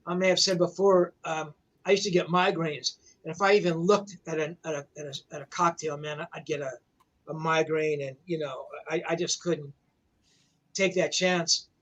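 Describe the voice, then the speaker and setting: A man's voice: a little high, steady tone, moderate pace, fairly bright tone, highs cut off, slight background noise. A man in his sixties, a rock journalist, telling a long rambling anecdote in a casual way, full of "you know, man" fillers, over a video call.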